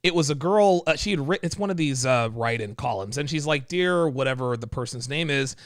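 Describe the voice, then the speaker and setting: A man's voice: medium pitch, expressive, fairly quick, no room sound, studio quality. A man hosting a casual talk, rambling through anecdotes and reading listener questions. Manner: rambling, many fillers and restarts. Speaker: host. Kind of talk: casual chat.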